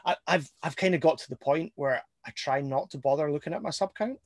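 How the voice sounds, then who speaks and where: A man's voice: on the high side, animated, a little fast, no echo. A Scottish man co-hosting a casual chat, joking and steering the talk, often stumbling on his first words. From Scotland. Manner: jokey, steers the talk, stammers on starts. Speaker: co-host of a collectors' chat show. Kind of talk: casual video-call chat.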